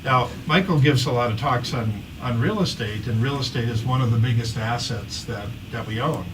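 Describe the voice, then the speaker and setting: A man moderating a panel, setting up a long question to a panelist in a halting way, with repeated words. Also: medium pitch. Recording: distant mic, noisy hall.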